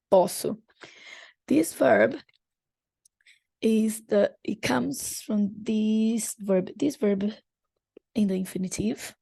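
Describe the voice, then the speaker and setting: Woman, language teacher, husky voice, dry close sound. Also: mid-range voice, warm tone, dry recording. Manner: patient, repeats phrases slowly for students. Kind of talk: online language lesson.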